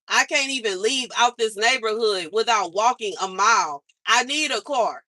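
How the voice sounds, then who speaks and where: Woman vlogger, angry venting, repetitive, bright and somewhat high voice, dry sound. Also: no echo. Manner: exasperated, repeats herself for emphasis. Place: outside her mother's house.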